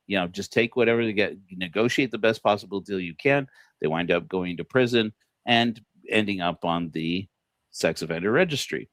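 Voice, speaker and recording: A low-voiced man talking loosely on a livestream, full of ums, restarts and little laughs. The sound is dry and close, with no room around him. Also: a bit bright, no room sound. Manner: rambling, many fillers and restarts, laughs at own jokes. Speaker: podcast host. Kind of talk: casual livestream commentary.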